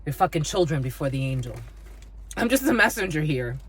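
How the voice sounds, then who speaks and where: A woman's voice: deep voice, very animated, fairly quick, breathy edge. Blunt, profane woman reading tarot. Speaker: tarot reader. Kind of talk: spiritual reading monologue.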